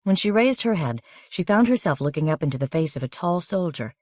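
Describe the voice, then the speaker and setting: A woman's voice: on the low side, big pitch swings, fairly quick, a little mellow, dry recording, clean studio sound. Woman reading an audiobook evenly. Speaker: audiobook narrator. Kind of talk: scripted narration.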